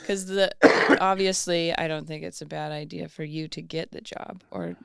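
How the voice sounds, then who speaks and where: A woman hosting a podcast, chatting casually in an upbeat way with frequent laughs and quick interjections. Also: low-pitched, steady tone, creaky, clean tone. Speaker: podcast host.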